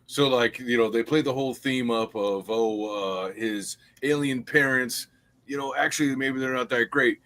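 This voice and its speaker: A man's voice: mid-range voice, moderate pace, a bit bright. Chill guy on a podcast, mid voice, lots of um and you know. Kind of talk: casual chat.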